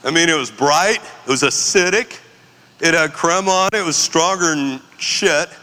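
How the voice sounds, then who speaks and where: Brief: animated, slangy storyteller in his forties, bright voice, long reverb from the hall. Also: fairly high pitch, normal speed. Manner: animated, slangy, laughs often. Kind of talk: casual storytelling.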